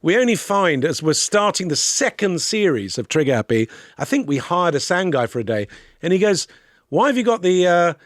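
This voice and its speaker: Sweary man telling animated anecdotes. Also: on the high side, moderate pace, dry recording, studio quality. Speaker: podcast guest, comedian. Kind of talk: casual storytelling chat.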